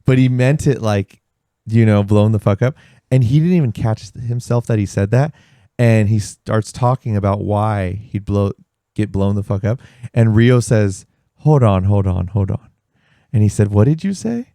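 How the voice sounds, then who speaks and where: A man chats on a podcast, spinning animated stories and acting out what people said, swearing as he goes. His voice sits fairly low with a mellow, dark tone. The sound is dry and close, with no room behind it. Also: normal speed, no room sound. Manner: animated storyteller, swears freely, acts out quotes. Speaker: podcast host. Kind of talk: casual podcast chat. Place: podcast studio.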